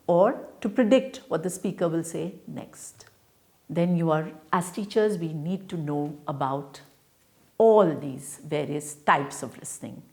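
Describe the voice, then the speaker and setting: A woman giving a recorded lecture to teachers, explaining step by step in a deliberate way with frequent fillers. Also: sits low, darkish tone. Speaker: teacher educator.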